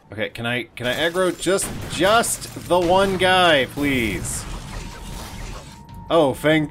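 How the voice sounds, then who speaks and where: A man's voice: mid-range voice, fairly bright tone. A man giving casual, jokey commentary while playing an online game, with mock-dramatic outbursts and swearing.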